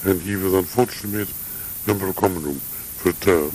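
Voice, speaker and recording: Older guy with a really low voice, slow halting academic talk, faint tape hiss. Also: a little mellow, low-quality recording. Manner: measured, halting, with frequent uhs. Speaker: interviewee, academic. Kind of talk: reflective interview talk.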